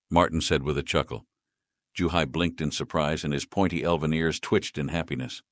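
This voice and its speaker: A man with a very low voice narrates a sci-fi story in a steady, scripted way. The recording is dry and close with no room sound. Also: normal speed, dry recording.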